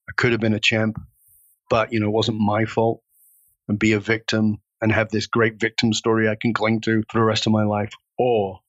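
A man's voice: lowish voice, a bit bright, no room sound, muffled recording. A man telling a personal story with intense, dramatic delivery as an interview guest.

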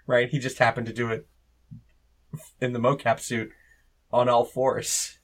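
A woman's voice: a bass voice, flat delivery, measured pace. A woman co-hosting a casual chat about a film, playful and laughing often. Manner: playful, laughs often, mimics lines in a sing-song voice. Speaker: podcast co-host.

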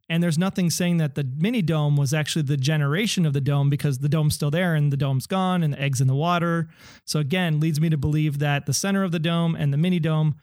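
A man's voice: fairly high pitch, darkish tone, dry recording, clean studio sound. A man co-hosting a podcast, eager and theorizing, reading listener messages in casual chat. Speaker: podcast co-host.

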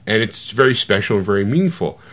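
A middle-aged man co-hosting a podcast, retelling a movie in casual chat with animated, swearing storytelling that acts out other people's lines. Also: on the low side, quick pace. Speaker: podcast co-host.

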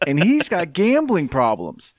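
A man in casual podcast chat, picking apart a movie's clichés with sardonic, deadpan complaints. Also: fairly high pitch, a little slow, no room sound, studio quality.

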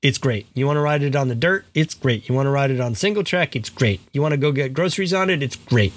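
A man's voice: medium pitch, fast. A man co-hosting a podcast, easygoing and dry, arguing in a playful way. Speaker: podcast co-host. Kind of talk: casual podcast banter.

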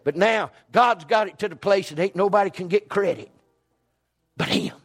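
A man preaching a storytelling sermon, folksy and emphatic, dropping to a hush and rising to a shout. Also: sits high, moderate pace.

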